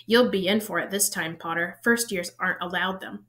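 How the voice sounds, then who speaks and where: A woman's voice: fairly low pitch, normal speed, sharp tone. A woman voicing a spiteful, sneering schoolboy who snaps at his rivals. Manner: snappy and sneering.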